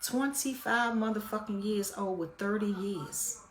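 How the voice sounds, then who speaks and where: A woman vlogger telling a story in a blunt, profane, casual way, her loudness swinging up and down with the tale. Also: mid-range voice, a little slow, a little hiss or hum.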